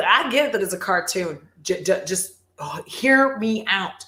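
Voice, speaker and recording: A woman vlogger chatting casually on a livestream, animated, swearing and laughing often. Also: medium pitch, unhurried, hardly any pauses, roomy sound.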